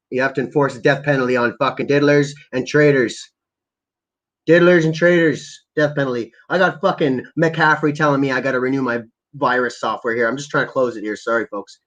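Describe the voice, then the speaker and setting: A man's voice: mid-range voice, fairly bright tone, lo-fi sound. A man hosting a casual livestream, ranting about politics in profane, rambling bursts and reading out viewer comments. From Canada. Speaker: livestream host.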